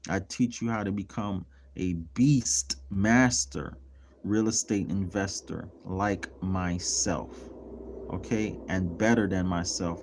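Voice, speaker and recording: A man's voice: fairly low pitch, darkish tone, a little hiss or hum. A man talking casually on a livestream as a real estate mentor, blunt and heavily profane, flaring into heated rants. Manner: heated ranting in bursts.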